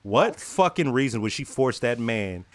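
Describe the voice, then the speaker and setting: Blunt, animated male reaction host. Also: medium pitch, normal speed. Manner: blunt, swears, laughs often. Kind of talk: casual reaction commentary.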